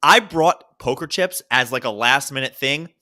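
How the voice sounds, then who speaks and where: A man's voice: medium pitch, normal speed. A man co-hosting a podcast, telling stories in casual chat and acting out what others said. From Baltimore. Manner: animated storyteller, acts out quotes. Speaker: podcast co-host.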